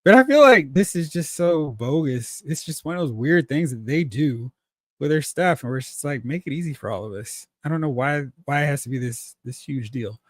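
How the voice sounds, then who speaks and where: Male livestream host, slightly high voice, chatty and animated, close dry mic. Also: moderate pace, no room sound. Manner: animated, laughs often, acts out exclamations. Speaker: toy collecting livestream host. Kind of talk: casual livestream chat reading comments.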